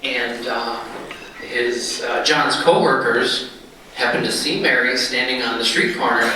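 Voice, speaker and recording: A man giving an after-dinner speech, telling a joke in a folksy, halting way, heard from far off in a large banquet hall. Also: medium pitch, level tone, pushed and bright, slight background noise. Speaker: speaker at a retirement dinner.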